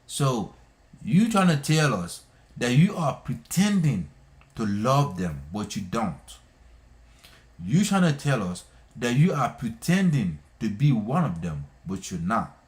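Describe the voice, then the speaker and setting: A man hosting a live stream, scolding people in an impassioned monologue, repeating himself and hammering his points. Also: medium pitch. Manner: scolding, repetitive, emphatic.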